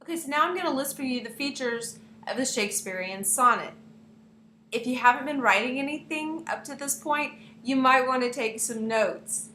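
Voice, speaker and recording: A young woman teaches her class in a playful manner and keeps speaking straight to the students. Her voice sits a little high. The recording has the echo of a room and a faint hiss behind it. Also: normal speed, bright, forceful tone. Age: young adult. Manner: playful, addresses students directly. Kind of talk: classroom lesson narration.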